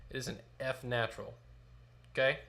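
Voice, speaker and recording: A man's voice: medium pitch, steady tone, normal speed, fairly bright tone. A man leading a choir sectional rehearsal. He counts in, sings short phrases and explains notes patiently. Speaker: choir director.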